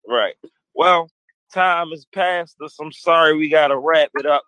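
A man with a notably high voice hosts a live talk show with casual, playful banter. His voice sounds close and dry, with no room echo. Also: a little slow, bright, forceful tone.

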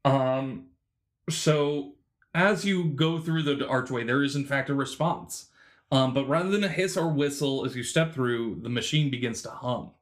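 A man with a medium-pitched voice narrates a tabletop game as game master, speaking haltingly with many fillers and restarts.

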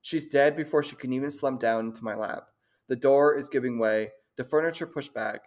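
A woman's voice: rumbling low, a little fast, darkish tone. Laughing woman stumbling over big words. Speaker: co-host reading stories aloud. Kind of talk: casual chat and reading short horror stories aloud.

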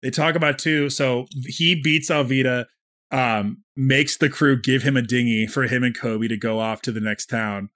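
A man's voice: mid-range voice, fairly even intonation, normal speed, fairly bright tone. A man co-hosting a podcast, talking enthusiastically with lots of filler "like"s. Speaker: podcast co-host. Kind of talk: casual chat.

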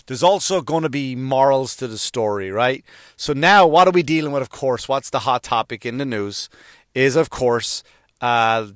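A man's voice: medium pitch, fairly bright tone, clean tone, no echo, studio quality. A man telling a comedic rant with profanity and exasperation, often stammering and repeating words.

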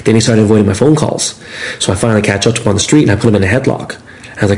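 A man telling stories as a podcast guest, animated and profane, acting out quotes. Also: fairly low pitch, rapid-fire, vocal fry. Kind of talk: casual storytelling.

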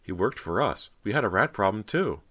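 A man's voice: fairly low pitch, expressive, brisk, fairly bright tone, voice pushed up. A man voicing a frightened teenage girl in an audiobook, with anxious, breathless outbursts. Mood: hushed, fearful. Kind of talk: audiobook dialogue.

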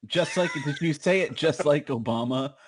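A man co-hosting a podcast, cutting in with quick teasing jokes. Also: on the high side, no echo, clean studio sound. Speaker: podcast co-host. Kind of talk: casual chat.

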